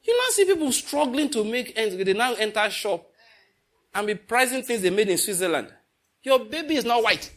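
A middle-aged Nigerian man preaching a sermon, telling stories and slipping into pidgin, moving between loud and hushed delivery. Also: sits high, big pitch swings, moderate pace. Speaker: pastor. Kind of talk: sermon with storytelling.

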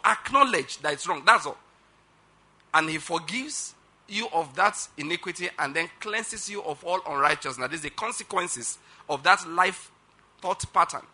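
A male pastor preaching a sermon, leading loud declarations for the congregation to repeat and dropping to quiet guidance for prayer. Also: fairly high pitch. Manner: drops to soft, quiet guidance during prayer.

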